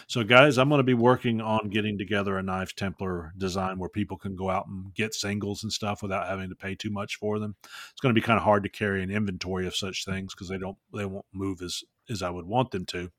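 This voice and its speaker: A man's voice: fairly low pitch, little pitch movement, fairly quick, fairly bright tone, no room sound, clean studio sound. A man hosting a casual podcast chat, joking and rambling as he reads listener mail. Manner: jokey, rambling. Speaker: podcast host.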